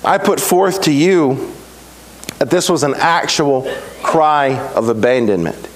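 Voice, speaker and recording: A man preaching a sermon as pastor, with emphatic repetition and dramatic pauses. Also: a little high, poor audio.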